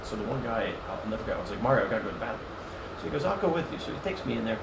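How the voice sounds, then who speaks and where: A man's voice: on the low side, rapid-fire, vocal fry. A middle-aged man, a podcast guest, telling profane comic stories in a casual chat and acting out the quotes. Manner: animated, profane, comic storyteller who acts out quotes. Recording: roomy, distant and noisy podcast mic.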